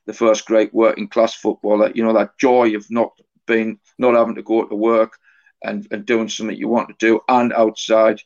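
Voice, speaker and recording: Speaking as an interview guest, this author in his forties halts often, restarting sentences and saying words twice as he tells his story. The voice stays flat in pitch, captured in lo-fi, muffled audio.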